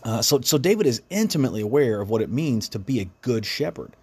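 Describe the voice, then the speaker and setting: A man's voice: medium pitch, big pitch swings, fast, a little mellow, slightly rough. A man hosting a devotional podcast, speaking in an earnest, reflective way with frequent restarts. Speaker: podcast host.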